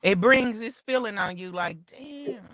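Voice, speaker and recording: A woman's voice: fairly low pitch, animated, moderate pace, pushed and bright. A woman co-hosting a podcast in a playful, teasing way, drawing out her words for effect. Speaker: podcast co-host. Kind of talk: casual chat.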